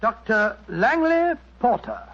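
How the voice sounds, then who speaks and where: A bumbling, blustery doctor companion in a 1940s radio show, his voice high and husky with animated swings. It comes through a dull, lo-fi old broadcast sound. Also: slow pace, heavily acted. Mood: storytelling. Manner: hesitant, blustery. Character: bumbling warm older male doctor companion.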